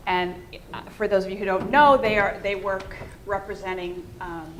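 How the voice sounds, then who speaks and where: A woman's voice: medium pitch, background noise. A middle-aged American woman giving a conference presentation, engaging her audience with questions as she speaks. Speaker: fundraising communications consultant. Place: presentation room.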